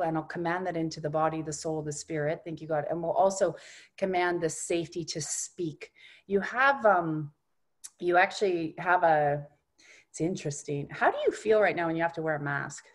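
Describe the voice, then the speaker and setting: Soft-spoken woman leading a healing session. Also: fairly low pitch, steady tone. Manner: soft-spoken, often dropping to a hushed tone; unhurried, reassuring coaching. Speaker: energy healer. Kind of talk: guided energy-healing session.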